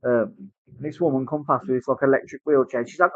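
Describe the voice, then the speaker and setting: A man's voice: mid-range voice, fairly quick, no echo. A man with a British accent telling a casual story, swearing often and acting out other people's voices. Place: tattoo studio. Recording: dry, slightly dull sound.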